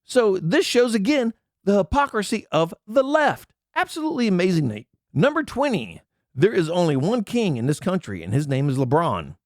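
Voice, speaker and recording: A man's voice: sits high, sing-song, normal speed, dry recording, studio quality. A man hosting an angry political commentary, reading out items and mocking them with indignant rants. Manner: indignant ranting, reads out items and mocks them. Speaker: commentary channel host.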